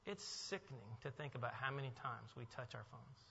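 A male pastor preaching a sermon in a church, moving from hushed reflection to emphatic, rising delivery. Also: medium pitch, expressive, fairly quick, creaky, slight background noise. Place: church sanctuary. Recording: muffled sound with long hall echo.

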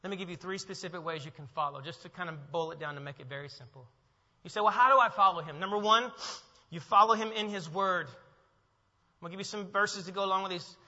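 A man preaches a sermon with a high, very bright voice, swinging between hushed reflection and emphatic, rising declarations. The recording is muffled and carries a long reverb from the church hall. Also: fast talker. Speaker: pastor. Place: church sanctuary.

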